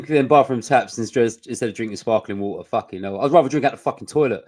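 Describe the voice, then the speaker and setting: Fast-talking sweary man. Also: medium pitch, crowd noise. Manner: sweary, animated storytelling. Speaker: podcast co-host. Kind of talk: casual chat.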